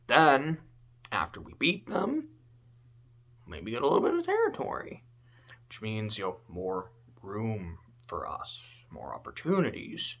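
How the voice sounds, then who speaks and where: A man talking casually about a story, animated and swearing, swinging between loud outbursts and low muttering. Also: a little slow. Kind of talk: casual spoken commentary.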